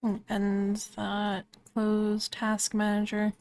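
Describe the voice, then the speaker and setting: A woman's voice: medium pitch, completely flat delivery, slow pace, a little mellow. A woman streamer chatting casually while she draws, rambling with lots of "like" fillers. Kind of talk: casual chat while drawing on a live stream.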